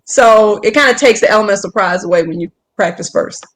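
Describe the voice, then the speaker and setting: A young woman comedian with an Atlanta accent, chatting in a casual interview over a call, animated and joking. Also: mid-range voice, fairly quick. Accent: Southern US, Atlanta. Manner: animated, joking, slips into put-on voices. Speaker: comedian guest. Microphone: phone or video call.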